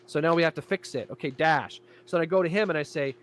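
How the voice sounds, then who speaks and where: A man in casual chat, telling a lively story about directing his show and acting out quoted lines. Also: on the high side, fast, slight background noise. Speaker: guest, creator and director of an audio show.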